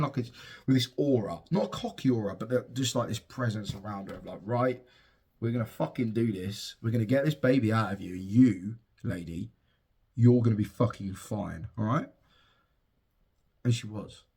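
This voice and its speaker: A man's voice: fairly low pitch, darkish tone, slightly rough. A young father casually telling a heartfelt personal story and swearing freely. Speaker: father and podcast host.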